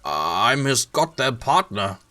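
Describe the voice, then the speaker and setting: A man with a German accent voicing a furious, foul-mouthed police partner who shouts and swears. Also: medium pitch, sing-song, takes it slowly, voice pushed up, heavily acted. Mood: angry, mocking.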